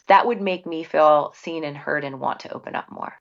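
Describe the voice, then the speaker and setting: A woman pediatrician in her forties explains things to parents in an earnest, conversational way, often pausing on fillers. Her voice sits a little low. The recording sounds dull and muffled. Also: vocal fry. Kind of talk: conversational medical advice.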